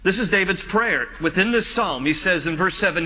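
Earnest male pastor, bright voice, reverberant hall. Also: sits high, expressive. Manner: earnest, pleading emphasis, slows and drops softer on key phrases. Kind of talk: sermon.

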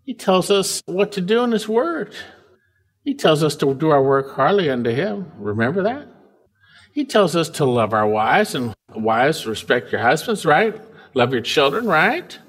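Emphatic preacher man, slightly high voice. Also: very animated, moderate pace. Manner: emphatic, pitch rising and dropping widely between phrases; conversational asides to the congregation. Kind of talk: expository sermon.

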